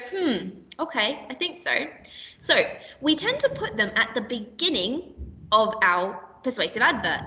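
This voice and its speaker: A woman teaching a recorded primary school literacy lesson, explaining clearly and patiently and slipping into playful example voices. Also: on the high side, pushed and bright, recorded from a distance, slight background noise. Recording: echoey room, voice a bit off-mic.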